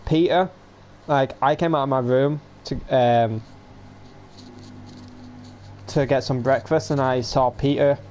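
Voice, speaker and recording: A man's voice: medium pitch, steady tone, slow pace, pauses often, a little mellow. A man in his late teens, chatting casually and rambling to viewers on a home livestream.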